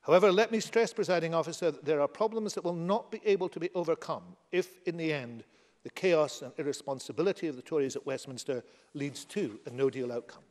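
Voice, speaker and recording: A man from Scotland, a government minister, delivering a formal parliamentary statement and rebuttal in a forceful, combative debating manner. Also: on the high side, a little fast. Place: debating chamber. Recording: long chamber reverb.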